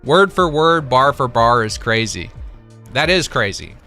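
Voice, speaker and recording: A young man hosting a live stream reads chat messages and donations aloud, laid-back and chuckling. His mid-range voice is animated yet a little slow, pushed and bright, with faint music in the background.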